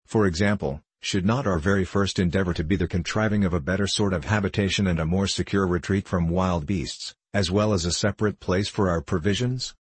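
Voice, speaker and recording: A man reading an adventure novel aloud as first-person audiobook narration, in a measured storytelling manner. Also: low-pitched, fairly even intonation, slightly rough, no echo.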